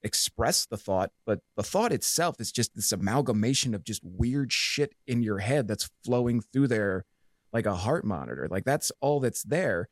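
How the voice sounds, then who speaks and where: A man's voice: on the low side, lively intonation, normal speed, no room sound, clean studio sound. A man talking as a podcast guest in casual chat, emphatic and profane, rambling with lots of fillers.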